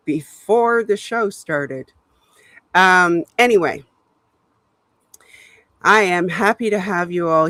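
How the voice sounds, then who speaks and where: A woman from Canada hosts a live stream from a home laptop setup, talking in an unhurried way and laughing often as she greets viewers by name. Her voice sits at an ordinary middle pitch. The sound is close and dry, with no room around it. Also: fairly bright tone, no echo. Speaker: livestream host. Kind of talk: casual live-stream chat. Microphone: laptop webcam mic.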